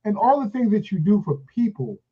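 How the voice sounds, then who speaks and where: A man co-hosting a casual podcast conversation, relaxed and asking probing questions. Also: high voice, brisk, slightly rough, muffled recording. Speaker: podcast co-host.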